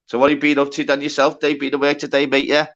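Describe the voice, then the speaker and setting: A man hosting a casual livestream chat, swearing a lot and talking in quick bursts full of filler words. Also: on the high side, completely flat delivery, fairly bright tone, lo-fi sound. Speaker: livestream host.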